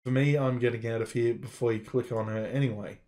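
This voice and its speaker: A man's voice: mid-range voice, steady tone, brisk, mellow, natural voice. A man voicing a fussy old female ostrich administrator while reading a game's story aloud. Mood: huffy.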